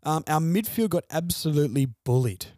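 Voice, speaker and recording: Man, podcast host, mellow voice, dry close sound, venting, sardonic. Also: a little high, expressive, brisk, no echo. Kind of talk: solo sports podcast rant.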